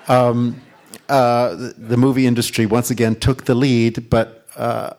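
Brief: man, low pitch, gravelly fry, thoughtful onstage intro, drawn-out phrasing with hushed emphasis. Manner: slow and deliberate, stretching words and sinking to a near-whisper for emphasis. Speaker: onstage conversation partner introducing an author. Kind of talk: reflective spoken introduction.

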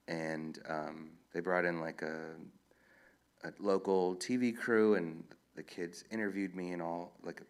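Gravelly low-voiced man telling stories. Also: a little slow. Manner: rambling, relaxed storytelling with many fillers. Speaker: author answering audience questions. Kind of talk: casual Q&A talk. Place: live event with an audience.

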